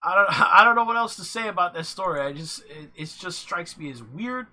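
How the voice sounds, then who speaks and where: Very bright halting livestream host. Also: mid-range voice, lively intonation. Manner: halting, with many fillers and restarts. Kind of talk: casual live commentary.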